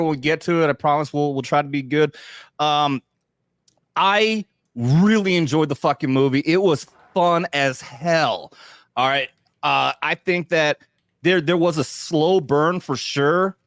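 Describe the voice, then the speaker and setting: A man's voice: on the high side, fairly bright tone, no echo, studio quality. A man in his thirties, an army veteran hosting a casual chat show, talking crudely and joking with frequent laughter. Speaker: podcast host, veteran.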